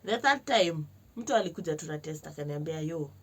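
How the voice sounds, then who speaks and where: A young Kenyan woman telling a personal story to camera in a lively vlog, switching between slangy Swahili and English and acting out other people's lines. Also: sits low, fairly quick, breathy edge. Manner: animated, mixes slang-heavy Swahili with English. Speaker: vlogger.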